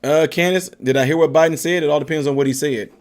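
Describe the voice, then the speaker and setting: Talking quickly in a slightly high voice, a man runs a laid-back political livestream where he responds to viewers' comments. He laughs often, keeps up the chatter, and switches to gentle baby talk for his dog.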